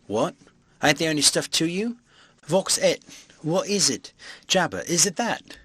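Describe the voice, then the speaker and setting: A man's voice: unhurried, husky, no room sound, exaggerated voice. A man voicing a flustered tramp. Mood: incredulous. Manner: excitable, flustered, higher-pitched. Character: bewildered middle-aged male country tramp.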